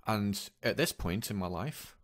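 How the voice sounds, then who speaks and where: A man telling a personal story in a confessional vlog, speaking haltingly and earnestly with many repeats. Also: fairly low pitch, animated. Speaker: vlogger.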